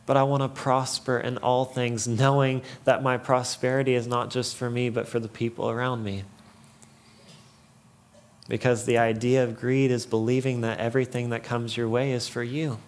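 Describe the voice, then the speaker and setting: A man's voice: medium pitch, level tone, moderate pace. A young man giving an earnest, story-filled sermon, often breaking into small laughs. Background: music.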